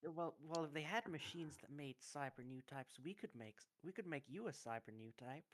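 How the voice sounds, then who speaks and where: A tabletop game player chatting in character, halting and restarting, adding stage directions. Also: mid-range voice. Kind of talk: casual in-character chat over voice call.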